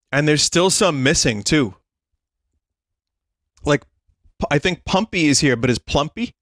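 A man's voice: mid-range voice, a bit bright, dry recording, studio quality. A man hosting a livestream, chatting casually to his viewers and laughing often as he reads a list aloud. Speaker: livestream host. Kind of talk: casual stream chat.

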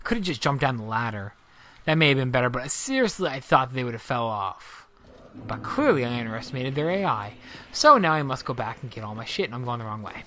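A woman playing a video game and commenting as she goes, with constant swearing and loud, frustrated outbursts at the game. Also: a bass voice, sing-song, fairly quick, slight background noise. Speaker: let's play gamer. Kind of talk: live gameplay commentary.

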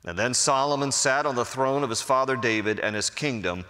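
A man's voice: medium pitch, fairly quick, bright, forceful tone. A man with an American accent, a pastor preaching a conversational sermon who acts out the characters' lines. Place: large church sanctuary. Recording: long hall reverb.

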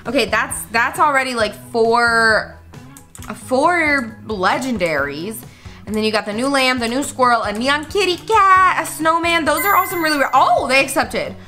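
Female gaming host, high and very lively voice, excitable, squealy, chats to camera, music bed under her. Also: normal speed. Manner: bubbly, squealing and gasping reactions, talks straight to the viewers. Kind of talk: excited game-play commentary to viewers. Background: background music.

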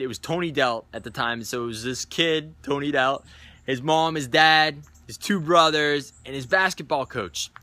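Bright-voiced man telling a sales story. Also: mid-range voice. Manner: animated storyteller acting out quotes. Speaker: sales trainer. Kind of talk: storytelling sales tip video.

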